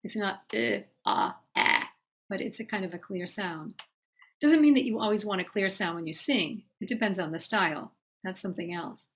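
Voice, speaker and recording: A woman teaching singing in a calm, explanatory way, addressing her students directly. Her speaking voice sits at an ordinary middle pitch. She breaks off here and there to sing short demonstrations. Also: brisk, slightly rough.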